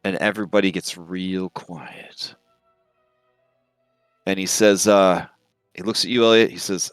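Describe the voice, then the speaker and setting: Low-voiced man narrating as game master. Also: measured pace, long pauses, clear, resonant tone, no echo, soft background music. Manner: relaxed storytelling with frequent fillers.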